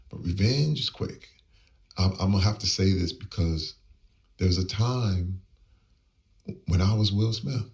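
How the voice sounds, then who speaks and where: Deep, gravelly man telling a story. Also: far from the mic. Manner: emphatic, acts out quoted lines, pitch swings up when stirred. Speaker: interview guest. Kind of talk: emotional personal storytelling.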